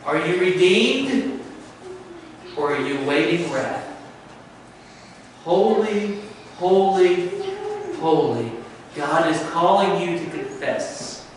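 A man preaching a sermon as pastor, slow and emphatic, dropping at times to a hush. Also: fairly high pitch, animated. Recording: echoey room, from far off, faint noise.

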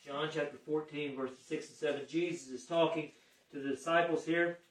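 A man's voice: fairly high pitch, steady tone, moderate pace. Emphatic preacher man in an echoey room. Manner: emphatic, dramatic swings from hushed to raised. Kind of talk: sermon. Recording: echoey room, mic at a distance.

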